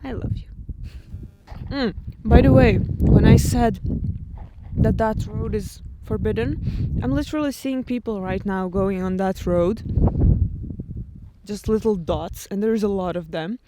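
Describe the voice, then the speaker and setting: A woman's voice: mid-range voice, a little slow. A young woman from Croatia vlogging outdoors on a hilltop, chatting emotionally to her camera and laughing through tears. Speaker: travel vlogger. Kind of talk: casual vlog talk to camera. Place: outdoors on a windy island hilltop. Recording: loud wind and outdoor noise.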